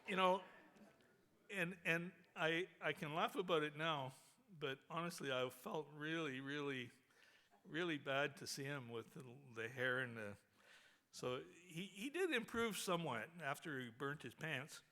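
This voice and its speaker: A man speaking at a memorial who tells a humorous anecdote with animated storytelling and laughs along as he goes. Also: on the high side, unhurried.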